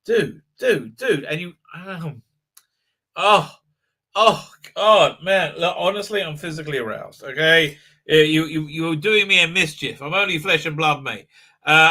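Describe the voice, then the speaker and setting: A man's voice: fairly high pitch, pushed and bright. A man hosting a casual live stream, talking in a rambling way with many fillers, restarts and frequent laughs. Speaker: livestream host.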